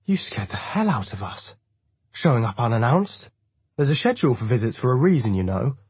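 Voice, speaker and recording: A man's voice: medium pitch, big pitch swings, a little fast, a little mellow, breathy edge, no room sound, pitched above the performer's own voice. A man narrating an audiobook, voicing a suspicious, scolding old woman guarding a house. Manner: scolding, brusque.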